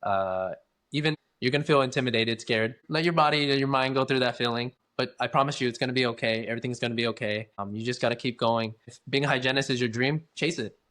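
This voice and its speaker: A man's voice: mid-range voice, fast talker, fairly bright tone. A talkative, easygoing man, chatting casually as a guest in an interview about his work. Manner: talkative, easygoing, acts out quoted voices. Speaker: guest, dental hygienist.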